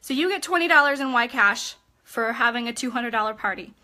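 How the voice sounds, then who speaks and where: Young woman, sales trainer, high voice, bright tone, chatty live-stream coaching, keeps checking in. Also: lively intonation, brisk. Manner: upbeat and chatty, constantly checks in with "okay?". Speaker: direct-sales team trainer.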